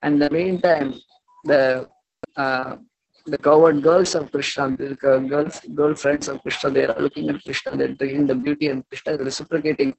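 Guy giving a devotional talk, kinda gravelly, slightly higher voice, does the characters' lines. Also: flat delivery, poor audio. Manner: acts out quoted dialogue, halting with fillers. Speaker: preacher. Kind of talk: devotional storytelling lecture.

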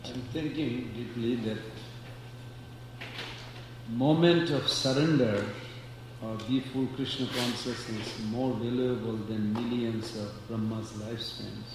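A man speaks slowly and softly in a reflective way, sounding far from the mic. The hall around him is very echoey, with clear ambient noise behind him. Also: mid-range voice, fairly even intonation. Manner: slow, soft, reflective.

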